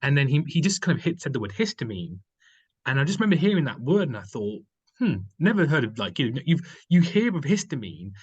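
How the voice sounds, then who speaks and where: A man from the United Kingdom talks casually as a guest, and his voice has a husky edge to it. He rambles along with lots of fillers and restarts, sitting at an ordinary middle pitch. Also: big pitch swings, brisk, dull audio. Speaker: guest, company founder. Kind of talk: casual conversational storytelling.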